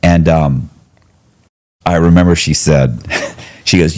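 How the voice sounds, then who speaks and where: A man's voice: a bass voice, slow pace. A middle-aged man telling a long personal story as a podcast guest, acting out the voices of the people he quotes. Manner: animated storyteller who acts out quoted voices.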